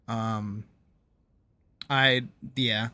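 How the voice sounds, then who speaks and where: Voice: medium pitch, steady tone, very slow, pushed and bright, clear, resonant tone. A young adult streamer telling a candid personal story to a live chat from a home room, reflective and hesitant, with many ums and restarts.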